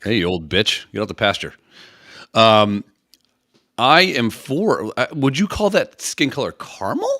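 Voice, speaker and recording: A man's voice: on the low side, very animated, unhurried, a bit bright, no echo, clean studio sound. A man co-hosting a podcast, joking crudely and reading out trivia questions to his friend. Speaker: podcast co-host. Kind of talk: crude comedic banter.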